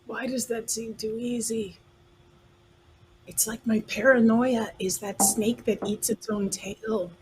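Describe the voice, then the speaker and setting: A woman's voice: on the high side, level tone, slow pace, darkish tone, a little hiss or hum, poor audio. A woman playing a tabletop game, joking casually and swearing easily. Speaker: player. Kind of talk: casual tabletop role-play.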